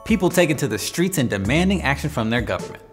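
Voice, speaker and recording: A man's voice: mid-range voice, sing-song, fast talker. A man hosting an educational explainer video in a playful, conversational way. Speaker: host. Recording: faint music behind.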